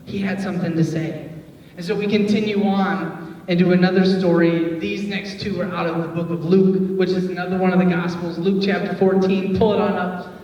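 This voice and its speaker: A youth pastor from Detroit giving a casual, joking sermon, chatty and full of filler words. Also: male voice, high voice, flat delivery, moderate pace, a little mellow, muffled recording. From Detroit, USA. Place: church hall. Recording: echoey hall, voice from far off, faint noise.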